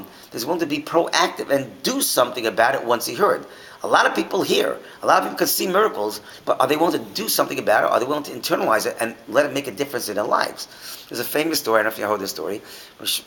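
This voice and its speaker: Animated man teaching a Torah class. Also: mid-range voice, creaky, slight background noise, poor audio. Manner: animated, asks many rhetorical questions, frequent restarts.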